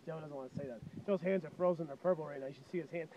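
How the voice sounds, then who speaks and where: A man's voice: fairly high pitch, very fast, muffled recording, very noisy. A man selling trucks with a joking, hyped sales patter, recorded outdoors in the cold on a handheld camera mic. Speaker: truck dealer.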